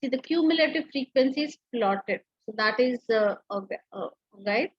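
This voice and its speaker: A woman's voice: fairly high pitch, animated, normal speed, dry recording, dull audio. A woman teacher giving an online lecture, explaining step by step with frequent fillers and restarts.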